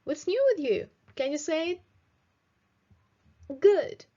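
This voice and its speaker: A young woman teaching English in a video lesson, slowly modelling phrases for students to repeat. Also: high voice, lively intonation, dark tone, highs cut off. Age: 20s. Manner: slow, clear teaching delivery with drilled example phrases.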